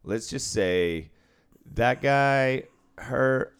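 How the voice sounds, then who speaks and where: A man's voice: mid-range voice, animated, very slow, smooth. A man who deals craps, telling a casual, profanity-laced story about work and laughing as he goes. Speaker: casino craps dealer.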